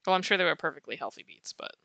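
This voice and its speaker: Woman, bright voice, casual sketch-stream chat, playful, dry close mic. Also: fairly low pitch, lively intonation, very fast, creaky, dry recording. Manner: chatty, reads and answers chat, laughs often. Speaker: art streamer.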